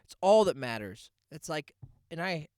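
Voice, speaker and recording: Male podcast host, sarcastic ranting storyteller; lively, up-and-down delivery; dry, close sound. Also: on the high side, normal speed, smooth, no room sound. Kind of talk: comedic podcast monologue.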